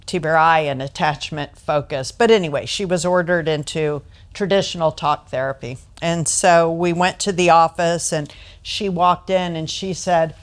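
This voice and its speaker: A middle-aged American woman leading a training session, explaining points through family anecdotes and acting out the quoted voices. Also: lowish voice. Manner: storytelling, acts out quoted voices.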